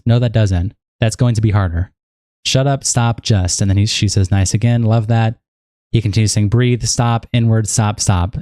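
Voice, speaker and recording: A young man on a livestream, reading messages aloud in a casual, halting way and stopping to react. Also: lowish voice, no room sound, clean studio sound. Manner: casual, halting, reads flatly and breaks off to react. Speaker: streamer.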